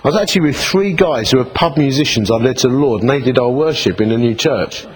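A middle-aged man, a vicar telling a story in a sermon with lively, self-mocking delivery. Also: mid-range voice, quick pace, slightly rough, poor audio. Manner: animated, self-mocking, acts out voices in anecdotes.

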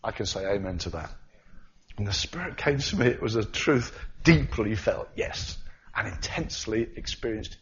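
A preacher in mid-sermon, his voice of middling pitch. He lurches from loud exclamations down to soft, quiet remarks. The recording sounds a little dull and muffled. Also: animated, brisk. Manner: swings from loud cries to quiet asides.

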